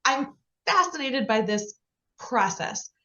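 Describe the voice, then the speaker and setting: Woman podcast host, chatty and encouraging, rushed run-on sentences, kinda muffled lo-fi sound. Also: fairly high pitch, animated, pushed and bright. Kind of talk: casual interview chat. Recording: slightly dull lo-fi audio.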